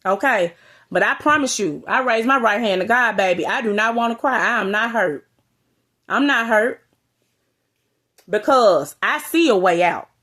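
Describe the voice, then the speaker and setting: A woman's voice: a little high, animated, normal speed, fairly bright tone. Blunt, profane woman ranting to camera. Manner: blunt, profane, calls out listeners with "you hear me?". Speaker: vlogger. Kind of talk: direct-to-camera rant.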